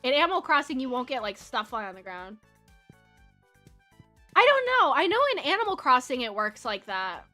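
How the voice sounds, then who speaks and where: A young woman chats with her stream audience in a high, very lively voice, bright and forward in tone. She giggles often and talks with her mouth full now and then. Soft game music plays faintly underneath. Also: moderate pace, pauses often. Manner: giggly, chatty, talks while eating. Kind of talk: casual chat while playing.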